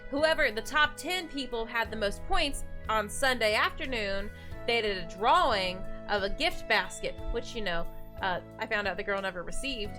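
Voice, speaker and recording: A woman's voice: on the high side, expressive, moderate pace, music in the background. A woman co-streaming at home, chatting casually and playfully. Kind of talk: casual chat. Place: home room.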